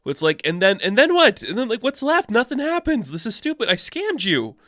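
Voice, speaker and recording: A man voicing a bitter young woman who lashes out at her lover in shrill, pleading outbursts. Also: a little fast, sharp tone, no room sound, studio quality. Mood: angry.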